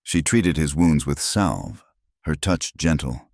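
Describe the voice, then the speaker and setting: A man narrating a story in a steady, measured scripted style. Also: very deep voice, no room sound, studio quality.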